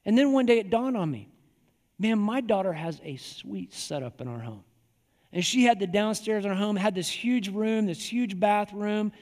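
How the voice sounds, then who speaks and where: A man's voice: sits high, animated, normal speed, darkish tone. A man in his forties preaching a sermon in a conversational, folksy storytelling manner, driving points home with repetition. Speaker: pastor. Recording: long hall reverb.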